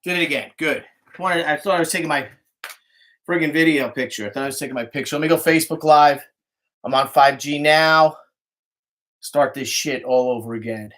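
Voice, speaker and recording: Streaming by phone from an indoor home studio with art supplies, a middle-aged comic artist with a New York Italian-American accent rambles through casual chat. He swears liberally and says hi to viewers by name, his voice a bit high, a bit bright and slightly fast.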